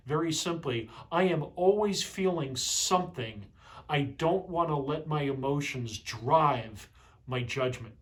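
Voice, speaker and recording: Middle-aged male trainer, slightly higher voice, calm and instructive, asks rhetorical questions. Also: measured pace. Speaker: leadership trainer. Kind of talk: instructional talk to camera.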